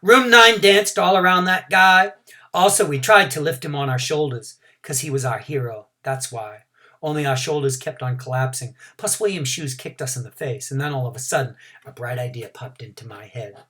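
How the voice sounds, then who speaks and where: A man, a teacher, reading a children's storybook aloud in an animated, expressive way. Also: mid-range voice, normal speed.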